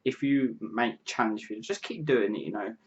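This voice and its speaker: A man's voice: lowish voice, normal speed. A 22-year-old man, casually answering viewer questions to camera, rambling and restarting his sentences. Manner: rambling, restarts sentences, frequent "you know what I mean". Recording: dull lo-fi mic.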